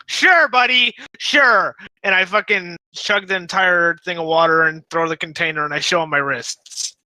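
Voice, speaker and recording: A man's voice: a little high, level tone, moderate pace, pushed and bright, clean tone, dry recording, poor audio. A man playing a tabletop game, talking brashly in character with jokes. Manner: brash, joking. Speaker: player.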